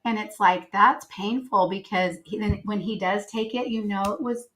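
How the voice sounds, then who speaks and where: Woman, middle-aged, podcast guest, animated storyteller, medium pitch. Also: moderate pace. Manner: animated, acts out dialogue in her stories. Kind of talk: casual interview storytelling.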